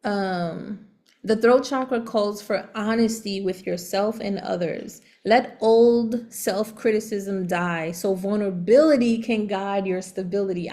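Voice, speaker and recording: A woman giving a casual tarot reading, chatty and animated, laughing often and using relaxed slang. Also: mid-range voice. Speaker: tarot reader.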